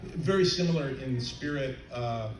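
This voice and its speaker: An older man chatting on a convention panel, halting with many fillers and restarts. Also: mid-range voice. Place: convention hall panel stage. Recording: roomy, distant, faint crowd noise.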